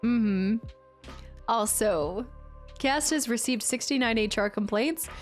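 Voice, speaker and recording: A woman's voice: a little high, slow, faint music behind. A young woman streamer chatting casually with her viewers, reading comments and laughing often. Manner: chatty, laughs often, answers chat by name. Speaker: game streamer.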